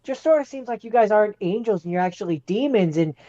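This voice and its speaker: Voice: medium pitch, animated, quick pace, dark tone, muffled recording. A podcast co-host chatting casually and cutting in with dry, wry remarks. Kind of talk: casual chat.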